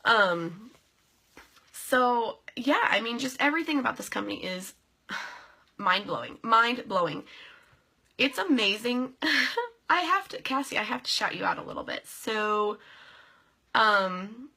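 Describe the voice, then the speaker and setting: A woman's voice: a little high, animated, measured pace, sharp tone, husky. Bubbly, goofy young woman vlogger. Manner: bubbly and goofy, talks to viewers by name. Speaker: vlogger and direct sales team leader. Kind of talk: casual live video chat.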